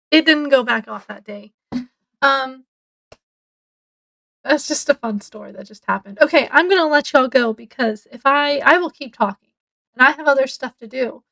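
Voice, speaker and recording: A woman's voice: high voice, moderate pace, gravelly, pauses often, a bit bright. A woman, rambling casually to camera at home as a book vlogger, with lots of fillers. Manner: rambling, chatty, many fillers. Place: home, indoors.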